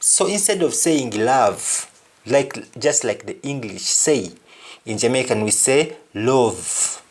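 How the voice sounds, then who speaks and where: Slow, lively-pitched man teaching pronunciation. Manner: deliberate, repeating each word in pairs. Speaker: language teacher. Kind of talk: pronunciation lesson.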